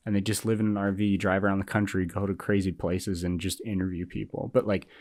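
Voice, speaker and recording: A young man with a fairly low voice, co-hosting a podcast in easy, casual chat. He tells stories in a loose, animated way, full of fillers. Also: fast. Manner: animated storytelling, acts out quoted people. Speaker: podcast co-host.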